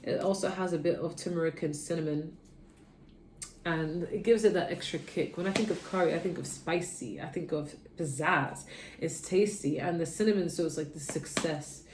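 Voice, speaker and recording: A woman reads tarot cards in a relaxed, chatty way, sounding tired from too little sleep. Her voice sits on the low side and drifts between quiet murmurs and sudden perky bursts. The room is echoey, with a faint background ambience. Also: moderate pace, slight background noise. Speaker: tarot reader. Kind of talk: casual tarot reading.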